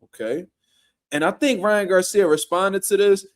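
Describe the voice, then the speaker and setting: A man's voice: sits high, measured pace. A man hosting a casual boxing reaction show, ranting bluntly in slangy, profane talk. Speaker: boxing commentary show host.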